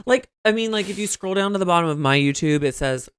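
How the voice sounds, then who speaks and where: A man's voice: high voice, lively intonation, moderate pace, a bit bright, smooth. Campy, profane male podcast host. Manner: campy, profane, bursts into sung and mimicked voices. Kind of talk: casual chat. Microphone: studio mic.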